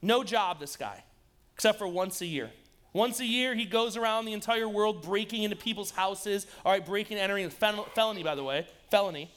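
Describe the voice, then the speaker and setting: A man preaching a lively youth-group sermon, joking and talking straight to the students in front of him. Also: high-pitched, fairly quick. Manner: joking, energetic, addresses the audience directly. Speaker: youth pastor.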